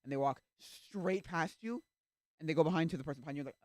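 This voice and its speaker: A male streamer in casual chat, rambling with restarts and acting out little quoted exchanges, sometimes breaking into loud rants. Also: on the high side, quick pace, no echo. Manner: gets loud and ranting.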